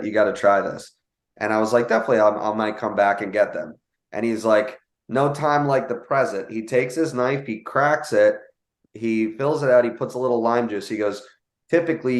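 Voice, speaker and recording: A young man telling a casual story, animated, with many fillers and quoted voices. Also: lowish voice, roomy sound. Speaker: guest telling a sales story.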